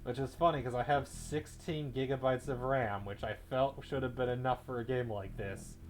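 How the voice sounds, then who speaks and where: Guy streaming a game and talking to chat, mid pitch, gets loud and yelly when stuff goes wrong. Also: moderate pace, faint music behind. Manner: chatty, talks to chat, bursts into loud excited yelling. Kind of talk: live gameplay commentary.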